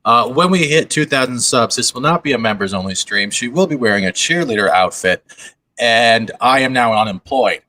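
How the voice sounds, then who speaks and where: A man's voice: mid-range voice, lively intonation, moderate pace, pushed and bright. A man co-hosting a casual live stream, rambling and joking at his own expense while he eagerly explains things. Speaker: co-host.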